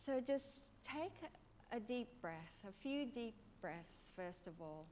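A woman preacher leading a congregation through a gentle guided prayer meditation, asking soft questions. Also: fairly high pitch, lively intonation, takes it slowly. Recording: long reverb of a large hall, faint noise.

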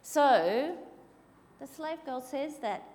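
Lively woman telling a Bible story. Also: high voice, takes it slowly. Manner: lively, playful, acts out characters. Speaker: children's storyteller. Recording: reverberant hall with faint ambient noise.

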